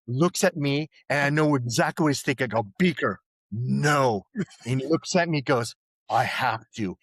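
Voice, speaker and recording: A man's voice: mid-range voice, fairly bright tone, no room sound. A man in his sixties, a podcast guest telling college stories in a rambling, profane way, full of restarts and "you know"s. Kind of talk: casual storytelling chat.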